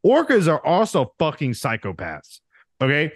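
Brief: male podcast co-host, higher voice with a lively, swinging delivery, ranting and cursing, dry close mic. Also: normal speed, dry recording. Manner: animated ranting, heavy swearing. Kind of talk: casual chat.

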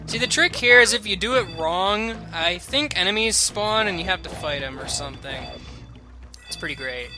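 A man's voice: high voice, animated, moderate pace, sharp tone, faint music behind. A man casually commentating a video game with sarcastic jokes and rambling asides. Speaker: let's play commentator.

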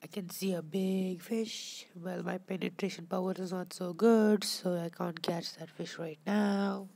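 A woman's voice: fairly low pitch, flat delivery, a little slow, creaky, a little mellow. A woman giving casual commentary over her own gameplay, chatting with viewers and scolding the fish on screen.

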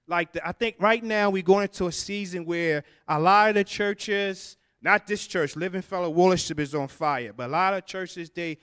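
A man preaching a sermon and leading prayer, fervent and repetitive, breaking into tongues. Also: high-pitched. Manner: fervent, repeats phrases, speaks in tongues. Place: church.

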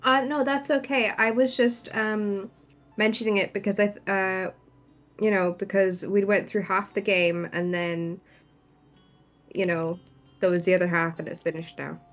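Young woman co-host, halting and apologetic in casual chat over faint music. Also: mid-range voice, flat delivery. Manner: hesitant, apologetic, many fillers.

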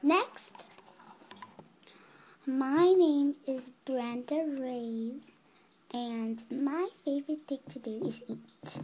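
A child voicing a fussy female pet camp counselor in a toy role-play video, halting with ums. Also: sits high, a little mellow, husky, full character voice. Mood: bossy. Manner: fussy, calls campers honey, halting with ums.

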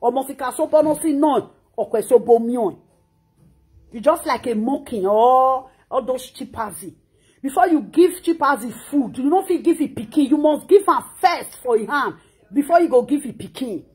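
A Nigerian woman in her thirties speaks in a high voice and a Nigerian Pidgin accent. She scolds with passion and repeats her words as she reacts to the news. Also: expressive, moderate pace, a little mellow, breathy edge. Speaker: social media commentator. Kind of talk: emotional reaction monologue.

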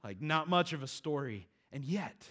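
At a moderate pace and a fairly high pitch, a pastor delivers an animated, chatty sermon full of offhand asides to the people listening.

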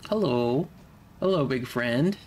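A man's voice: mid-range voice, expressive, takes it slowly, a little mellow, slight background noise. A young man streaming a video game, casually commenting and playfully talking to the enemies on screen. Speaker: let's play streamer.

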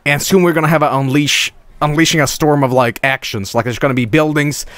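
A man streaming a video game with casual commentary, profane and excitable, often cracking up laughing. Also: on the high side, a little fast, no echo.

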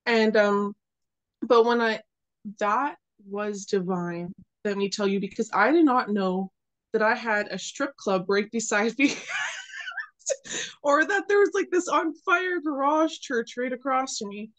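A young woman sharing a personal faith testimony in casual, animated storytelling, laughing often and acting out the people she met. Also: a little high, unhurried.

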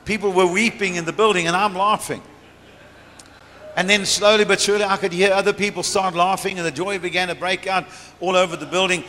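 Middle-aged man, preacher, high bright voice, laughing storyteller, church hall reverb, faint room noise. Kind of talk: sermon testimony.

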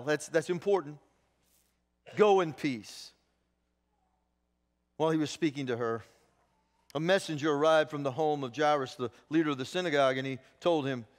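A male pastor with a high voice delivers a sermon at normal speed, leaving long pauses along the way. He's an animated storyteller who acts out the voices he quotes, and the church sanctuary gives the recording a long, echoing hall reverb.

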